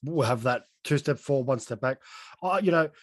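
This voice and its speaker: A man's voice: mid-range voice, a little fast, dry recording, studio quality. A man in a casual podcast conversation, talking bluntly and swearing openly.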